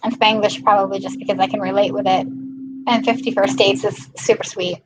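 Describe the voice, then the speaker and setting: A woman's voice: mid-range voice, level tone, normal speed, background noise. A young American woman from Maryland hosting a casual livestream, chatting and reading viewer comments with frequent laughs. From Maryland, USA. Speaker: livestream host.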